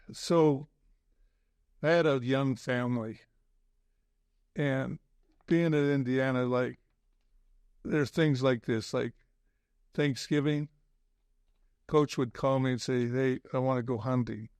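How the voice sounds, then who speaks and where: An older man, a former basketball coach, talking as a podcast guest in a halting way, full of restarts and "you know". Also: medium pitch, fairly even intonation, darkish tone, smooth, no echo. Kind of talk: casual interview chat.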